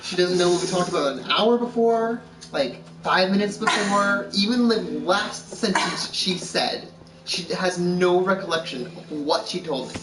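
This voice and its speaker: A man's voice: sits high, lively intonation, normal speed. Amused man heard from afar with music. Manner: amused, exasperated storytelling. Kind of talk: casual family chat. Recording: distant, echoey, with music behind.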